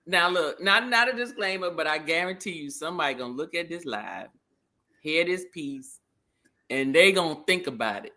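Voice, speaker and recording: Bright, emphatic woman co-host. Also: deep voice, moderate pace. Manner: animated, emphatic, laughs often, repeats phrases. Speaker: co-host of a live talk show. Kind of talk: casual livestream chat.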